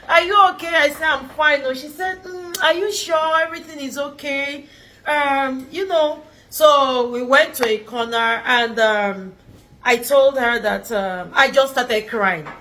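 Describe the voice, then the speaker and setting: A woman's voice: high voice, bright, forceful tone. A middle-aged woman vlogger telling a personal story, earnest and emphatic, repeating phrases for stress.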